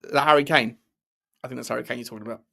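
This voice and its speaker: A man's voice: mid-range voice, rapid-fire, gravelly, background noise. A man hosting a casual football live stream, reading out chat messages and giving rambling, opinionated takes. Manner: chatty, opinionated, rambling with restarts.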